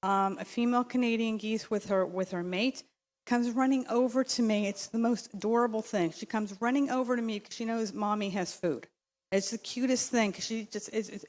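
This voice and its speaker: A woman giving a rambling, insistent public comment at a city council meeting, speaking into a podium microphone. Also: a little high. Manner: insistent, rambling, with many fillers and restarts.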